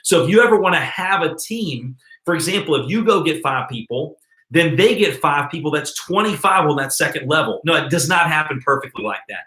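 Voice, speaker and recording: Forceful, bright-voiced male marketing trainer. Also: fairly high pitch, fairly quick, reverberant. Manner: emphatic, energetic, addresses viewers directly. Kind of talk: training talk to camera.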